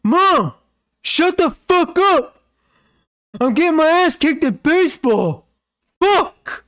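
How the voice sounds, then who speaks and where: A man's voice: very high voice, very animated, slow pace, fairly bright tone, pitched above the performer's own voice, heavily acted. A man voicing a bratty, hot-tempered teenage boy gamer who shrieks and whines with curses. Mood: raging. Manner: shrieking, whining, cursing.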